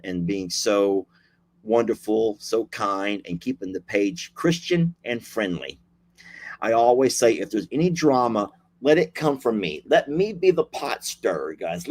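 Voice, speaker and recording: A man hosting a casual video, chatting playfully and repeating himself as he signs off. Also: fairly low pitch. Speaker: host.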